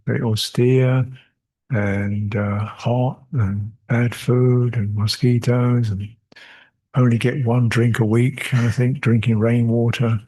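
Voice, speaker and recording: A man's voice: medium pitch, warm tone, slightly rough. An older man, a Buddhist monk, answering questions at a meditation retreat, reflective, repeating short phrases and chuckling often. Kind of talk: retreat Q&A dharma talk.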